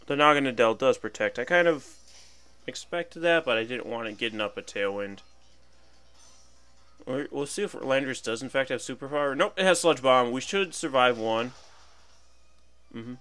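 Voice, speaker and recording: A man's voice: medium pitch, moderate pace, long pauses, fairly bright tone, smooth, faint music behind. A young man casually commentating his own battle game, chatty and playful, thinking aloud about each move. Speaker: gaming commentator.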